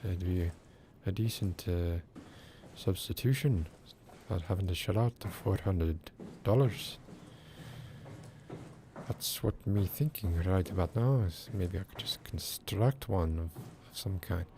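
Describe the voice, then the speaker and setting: A soft-spoken man chatting casually and rambling while streaming a video game. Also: low-pitched, a little slow, a little hiss or hum. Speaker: game streamer and ASMR creator. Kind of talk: casual livestream chat while gaming.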